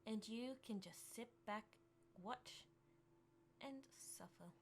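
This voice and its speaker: A woman narrating a tabletop role-playing game as game master, slow and hesitant, with restarts. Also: medium pitch, slight background noise.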